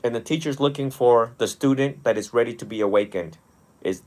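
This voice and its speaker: A young adult man, a monastic teacher, talking one on one in a lively storytelling way with frequent laughs. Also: mid-range voice, a little fast. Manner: animated storytelling, often laughing. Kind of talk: one-on-one mentoring talk.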